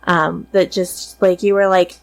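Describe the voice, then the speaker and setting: A woman's voice: on the low side, little pitch movement, measured pace, gravelly, poor audio. A woman co-hosting a podcast, telling a family pet story in casual chat, swearing freely with lots of ums. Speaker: podcast co-host.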